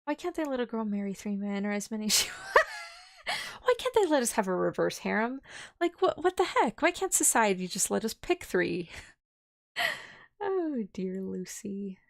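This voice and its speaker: Gravelly-voiced woman reading on stream. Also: mid-range voice, big pitch swings, moderate pace. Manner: playful asides and giggles between passages. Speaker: vtuber streamer. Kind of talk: reading a novel aloud on stream.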